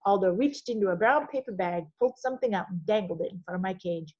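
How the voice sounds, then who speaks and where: A woman reading a children's novel aloud in an expressive storytelling manner. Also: medium pitch, brisk, hardly any pauses, highs cut off. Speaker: audiobook reader.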